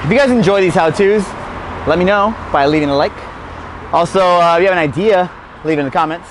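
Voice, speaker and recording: A man's voice: high voice, fast, slight background noise. A man hosting a casual BMX how-to, talking on a lapel mic outdoors, out of breath, chatty and self-mocking. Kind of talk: casual spoken tutorial. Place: outdoors by a street rail.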